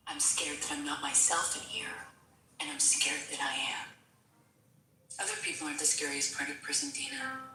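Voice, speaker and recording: A woman's voice: low voice, sharp tone. An actress playing a woman prison inmate who taunts and then confesses her fears in an intense, confessional way. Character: woman prison inmate, menacing yet scared. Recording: echoey, distant clip with faint noise.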